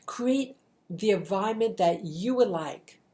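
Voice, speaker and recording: Here a middle-aged woman vlogs a motivational talk in a casual spoken monologue, earnestly repeating herself and frequently starting sentences over. Her voice sits at medium pitch with a dark tone and lively intonation, and she talks a little slowly.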